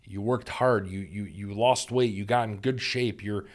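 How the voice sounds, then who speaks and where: A doctor appearing as a podcast guest speaks at normal speed in a steady, lowish voice. He earnestly shares stories and life advice in a reflective, conversational way, repeating key phrases for emphasis.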